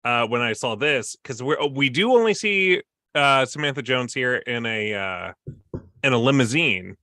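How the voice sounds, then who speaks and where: A man's voice: mid-range voice, expressive, moderate pace, sharp tone, no echo. A man co-hosting a livestream, chatting about a TV finale with dry, jokey asides. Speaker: podcast co-host. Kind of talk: casual recap chat on a livestream.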